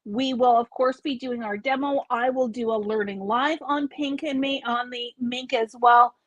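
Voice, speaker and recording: Woman, craft store host, chatty live demo, fairly high voice, dry close sound. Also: fairly even intonation, normal speed, fairly bright tone, dry recording, highs cut off. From Canada. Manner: chatty, explanatory, self-correcting. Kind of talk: live product showcase.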